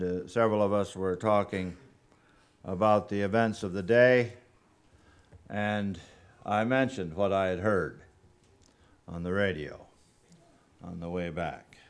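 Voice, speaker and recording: Low-voiced guy preaching as a fill-in, lots of uh's, takes his time. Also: clean tone. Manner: unhurried, halting with frequent "uh" fillers. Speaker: guest preacher. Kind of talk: sermon.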